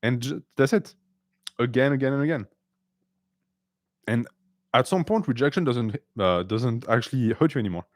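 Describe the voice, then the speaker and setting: A man's voice: medium pitch, animated, normal speed, long pauses, no echo, studio quality. Blunt, sarcastic male stream host. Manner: blunt, sarcastic, switches between English and French. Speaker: host answering viewer questions. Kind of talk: casual live-stream Q&A.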